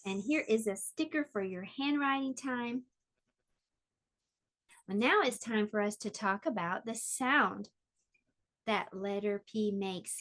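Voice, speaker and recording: A woman teaching an online preschool lesson, speaking slowly in a sing-song way to small children. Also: mid-range voice, fairly bright tone. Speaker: pre-K teacher.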